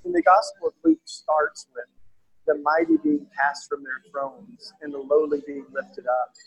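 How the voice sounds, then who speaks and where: A man from East Tennessee, a guest in an interview, talking earnestly and haltingly with many restarts. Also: a little high, wildly swooping pitch, creaky, breathy edge, low-quality recording. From East Tennessee, USA. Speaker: guest author. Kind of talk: casual conversational interview.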